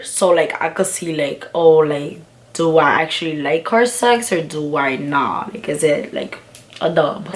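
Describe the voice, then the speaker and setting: A young woman tells a storytime to her camera while she does her makeup. Her talk is candid, profane and thick with slang and fillers. It stays a casual, confiding chat. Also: fairly low pitch. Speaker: vlogger.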